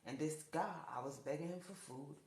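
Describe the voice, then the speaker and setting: A woman telling her own life story to camera, repeating herself and rising in pitch when upset. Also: a little fast, darkish tone. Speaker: TikTok storyteller. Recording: echoey room.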